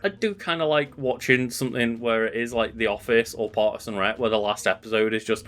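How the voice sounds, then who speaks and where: A man's voice: mid-range voice, brisk, fairly bright tone. A British man chatting casually as a podcast co-host, laughing easily as he talks. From Britain. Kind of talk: casual chat.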